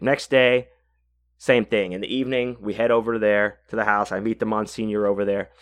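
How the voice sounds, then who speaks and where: A man with a lowish voice tells a story on his podcast in a loose, chatty way. He swears often and trips over his words as he goes, backing up and starting his sentences again. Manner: rambling, profane, many fillers and restarts. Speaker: podcast host. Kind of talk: casual storytelling.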